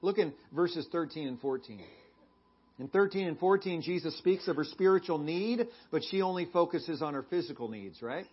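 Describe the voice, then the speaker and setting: A man's voice: a little high, animated, normal speed, slightly rough, highs cut off. A male pastor giving a sermon in a conversational way, often asking the congregation questions.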